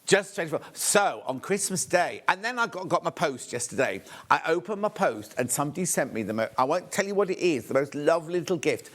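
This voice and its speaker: A man from the West Midlands of England hosting a live shopping show from a TV studio, talking in a chatty, rambling way with hurried asides. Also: a little high, big pitch swings, fairly bright tone. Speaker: shopping channel host.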